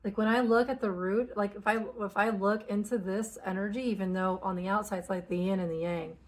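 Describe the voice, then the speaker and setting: A woman's voice: mid-range voice, fairly even intonation, fairly quick. A woman talking casually and candidly about spiritual energies, swearing freely and acting out inner conversations. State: tearful at moments. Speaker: spiritual channel host.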